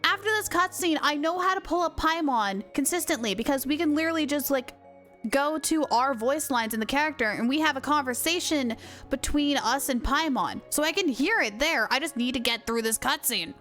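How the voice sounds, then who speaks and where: A woman's voice: high voice, lively intonation, brisk, fairly bright tone, soft background music. A young woman streaming a game, chatting casually and self-mockingly with viewers while she plays. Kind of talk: casual live-stream chat while gaming.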